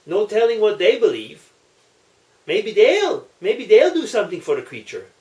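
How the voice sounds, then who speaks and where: Casting: man playing an indignant older priest, lively, echoey room. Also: high voice, moderate pace, pitched above the performer's own voice. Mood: reluctant.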